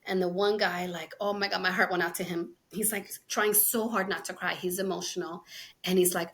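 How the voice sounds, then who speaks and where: A woman's voice: lowish voice, steady tone, fairly quick, fairly bright tone. A woman hosting a podcast in casual chat, laughing often and acting out conversations. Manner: chatty, laughs often, acts out quoted dialogue. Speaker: podcast host.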